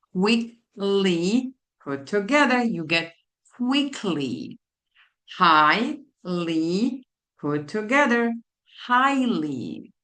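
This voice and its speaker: A woman tutor teaching a phonics lesson to children, spelling out letters and repeating each word slowly. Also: medium pitch, a bit bright. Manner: slow, deliberate, spelling out letters and repeating words. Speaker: literacy tutor.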